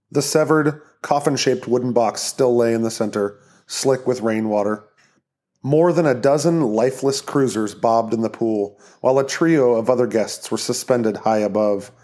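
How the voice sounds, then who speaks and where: A man narrates an audiobook chapter in a steady, even storytelling voice. His pitch sits in the middle range. Music runs faintly beneath the reading.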